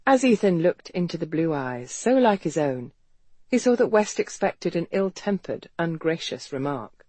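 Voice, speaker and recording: Audiobook narrator for period romance, animated pitch, dry studio sound. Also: normal speed, no echo. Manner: even storytelling read with lively pitch. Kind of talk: scripted romance novel narration.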